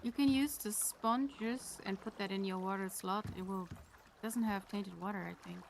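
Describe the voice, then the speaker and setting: A woman's voice: medium pitch, normal speed, gravelly, a little hiss or hum. Woman explaining game tips over voice chat. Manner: helpful, explains game mechanics. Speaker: fellow player. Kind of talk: casual gaming chat.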